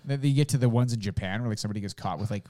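A man's voice: lowish voice, very fast, mellow. A man co-hosting a podcast, telling rambling, profane stories in casual chat and slipping into character voices. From Canada. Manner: rambling storyteller, swears freely, acts out voices. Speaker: podcast co-host.

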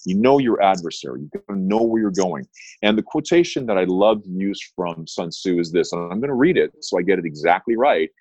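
Man, attorney guest, very low voice, dry close sound, emphatic storytelling. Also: brisk, no echo, highs cut off. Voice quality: energetic, emphatic with repeated punchy phrases. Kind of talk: interview storytelling.

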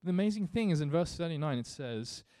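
A man's voice: fairly high pitch, animated, fast, warm tone, dry recording. A male pastor preaching a sermon earnestly, building to emphatic rhetorical questions.

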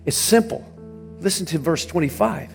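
A man preaching a sermon as pastor. He speaks emphatically, swings from soft asides to near-shouts, and talks straight to his congregation, telling them what to write down. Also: fairly high pitch, animated, moderate pace, gravelly, soft background music. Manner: addresses the congregation directly, asking them to take notes.

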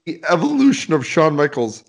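A man's voice: on the high side, sing-song, normal speed. A man co-hosting a casual chat podcast, laughing often and restarting his sentences. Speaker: podcast co-host.

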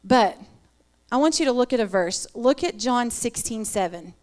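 Woman preacher, middle-aged, slightly high voice, earnest and animated storyteller. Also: moderate pace. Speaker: women's ministry speaker. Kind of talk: sermon talk with stories.

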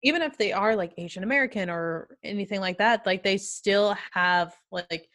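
A woman's voice: mid-range voice, moderate pace, fairly bright tone. Young woman chatting, gushing and earnest, trips over her words a lot. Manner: earnest, effusive, stumbling restarts. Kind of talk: casual chat.

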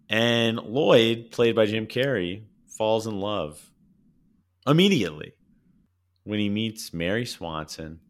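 A man's voice: deep voice, clear, resonant tone. A man co-hosting a podcast, chatting eagerly and jokingly about favourite films. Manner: enthusiastic, jokey, restarts when excited. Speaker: podcast co-host. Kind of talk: casual chat.

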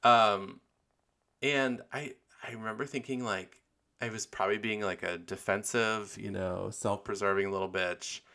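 A man's voice: fairly low pitch, steady tone, unhurried, sharp tone. A young man hosting his own podcast, chatting candidly with lots of fillers and giggles. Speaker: podcast host. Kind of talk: casual solo podcast chat.

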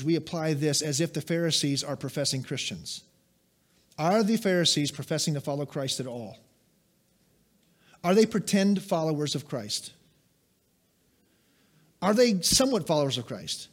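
A man's voice: fairly high pitch, expressive, normal speed, long pauses. A man preaching a sermon as pastor, emphatic, with pointed asides to the congregation. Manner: emphatic, rises and drops sharply for stress.

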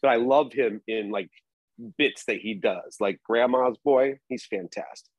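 Man co-hosting a podcast, husky voice, teasing and sweary, dry close sound. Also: medium pitch, measured pace, dry recording, rough recording. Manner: teasing, incredulous, swears a lot. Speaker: podcast co-host. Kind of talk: casual crude banter.

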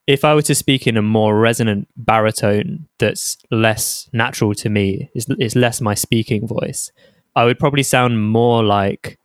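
A man's voice: lowish voice, steady tone, normal speed, dry recording, clean studio sound. A man hosting a podcast, chatting in a curious, thoughtful way and laughing easily. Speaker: podcast host. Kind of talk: casual podcast interview.

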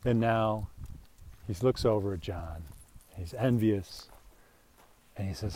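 A man's voice: fairly low pitch, slow pace, pauses often, warm tone. Rambling irreverent man musing on scripture. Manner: rambling, irreverent, laughing asides. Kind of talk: casual bible talk.

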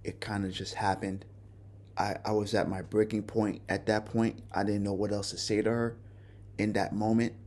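A male podcast host telling a personal story in a halting, remorseful way, often restarting his sentences. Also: fairly low pitch, flat delivery, a little mellow. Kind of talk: personal confession monologue.

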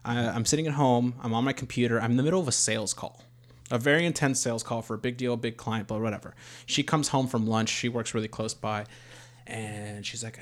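A man's voice: mid-range voice, fairly even intonation, fairly quick. Candid thirty-year-old man telling a story. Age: 30s. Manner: rambling, candid storyteller with frequent swearing. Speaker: podcast host, expecting first child. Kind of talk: casual storytelling chat.

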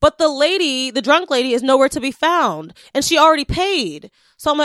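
A young woman hosting a podcast, casually telling an animated story and acting out the quotes. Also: fairly quick, few pauses, no room sound, clean studio sound. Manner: animated, acts out quotes with big pitch jumps.

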